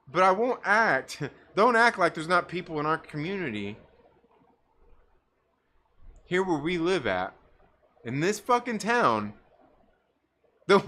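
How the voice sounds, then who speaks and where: A man rants through a story on a casual live stream, his pitch swinging widely as he swears freely and breaks into laughter. His voice is bright and sharp. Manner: profane, animated, laughs mid-story. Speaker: livestream host.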